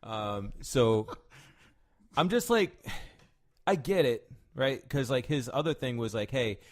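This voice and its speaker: Animated man on a casual podcast. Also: mid-range voice, takes it slowly. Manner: animated, swearing, frequent "right?" tag questions. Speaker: podcast co-host. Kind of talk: casual chat.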